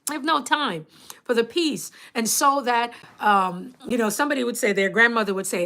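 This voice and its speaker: A woman with a Jamaican accent, hosting a casual livestream and chatting to her viewers, animated and laughing often. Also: mid-range voice, a little slow. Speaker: YouTube coach and livestream host.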